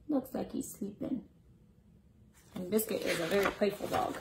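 A woman in her thirties, a preschool teacher reading a picture book aloud to young children in a warm storytime voice. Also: mid-range voice, moderate pace, long pauses, a little hiss or hum, low-quality recording. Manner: warm sing-song storytime voice, barking the dog parts.

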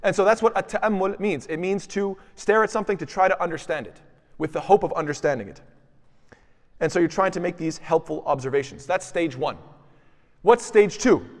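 A man's voice: high-pitched, in a large hall. A man giving a religious lesson, explaining words step by step and posing questions he then answers himself. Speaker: teacher.

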